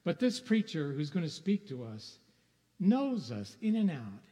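Unhurried yet very animated, this pastor's voice sits at a fairly high pitch with a dark tone. He delivers his sermon in a conversational way, posing rhetorical questions and chuckling occasionally. Long hall reverb fills the church sanctuary recording.

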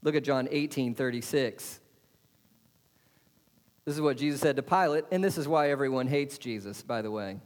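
A man's voice: medium pitch, moderate pace, long pauses. A man preaching a sermon as pastor, putting questions to the congregation and answering them with emphasis. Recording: long hall reverb.

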